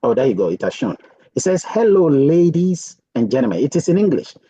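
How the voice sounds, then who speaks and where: Husky man giving a lively casual tutorial. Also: medium pitch, fairly quick, no echo, poor audio. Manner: chatty, thinking aloud with many "okay"s. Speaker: software tutorial presenter. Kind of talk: casual screen-share tutorial.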